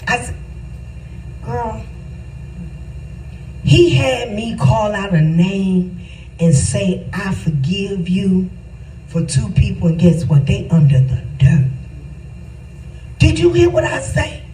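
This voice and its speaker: Slow-talking woman pastor in an echoey room. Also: mid-range voice, sing-song, dark tone, distant mic, faint music behind. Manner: emphatic, repetitive, preacherly cadence. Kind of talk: casual spiritual testimony.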